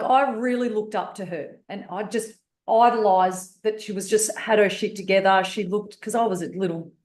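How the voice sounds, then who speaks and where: A woman's voice: medium pitch, roomy sound. A woman with an Australian accent telling her life story candidly as a podcast guest, blunt and swearing freely. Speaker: guest speaker and author.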